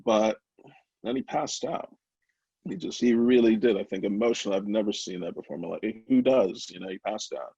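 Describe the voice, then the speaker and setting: A man with a low, gravelly voice tells his story openly in an interview, full of ums and restarts. The sound is dry and somewhat muffled, like a remote call. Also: fairly quick, dark tone, no echo. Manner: emotional, open storytelling with many fillers. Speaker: brownie company founder, guest. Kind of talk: candid interview talk.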